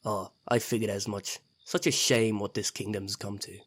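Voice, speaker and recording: A man's voice: fairly low pitch, little pitch movement, normal speed, a bit bright. A man voicing a stern middle-aged army commander in a cartoon, authoritative and tired. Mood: weary. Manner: authoritative, weary, curt.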